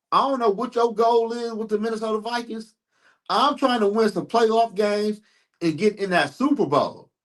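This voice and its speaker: A man hosting a live sports stream, ranting heatedly and profanely while answering his chat. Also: high voice.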